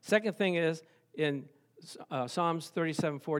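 A man's voice: a little high, normal speed, clean tone. A middle-aged man, a pastor, preaching a sermon full of playful stories and acted-out voices.

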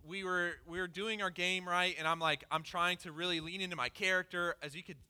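A pastor giving a conversational sermon, candidly telling a personal story with lots of "like" fillers. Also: male voice, sits high, steady tone, brisk, bright, forceful tone, clean tone. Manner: casual and candid, peppered with "like".

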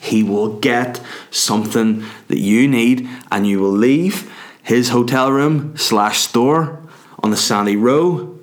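A man's voice: mid-range voice, takes it slowly. A young man, rambling through a crude comic monologue full of tangents. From Ireland.

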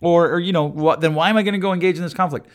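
A man with a somewhat higher voice, talking through his own podcast alone. He speaks casually and often stumbles over repeated words before going on, with a dry humor. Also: fairly even intonation, racing, clear, resonant tone. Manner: conversational, repeats and restarts words, self-mocking dry humor. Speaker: podcast host. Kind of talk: solo podcast monologue.

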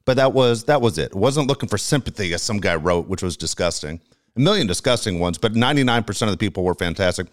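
Very deep-voiced middle-aged male radio host. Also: animated, fast talker. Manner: rambling, emotional storytelling with profanity. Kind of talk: casual sports talk.

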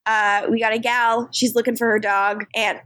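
A woman's voice: a little high, flat delivery, normal speed, a bit bright, dry recording. Playful, swearing American woman podcaster. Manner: laughs often, playful, swears casually. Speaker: podcast co-host. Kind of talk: casual recap chat.

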